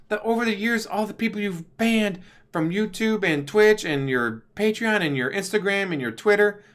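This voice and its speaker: A man giving a casual, exasperated commentary rant to camera on his channel, talking with big swings in pitch. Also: fairly bright tone. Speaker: YouTube commentator. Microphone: desk USB microphone.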